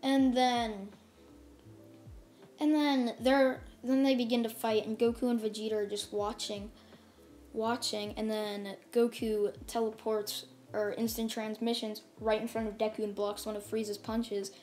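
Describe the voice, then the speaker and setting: A woman's voice: fairly high pitch, little pitch movement, a little slow, a little mellow. A woman casually narrating a fan story off the cuff, rambling and filling her talk with "like" and "and stuff". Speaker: channel host. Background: faint music.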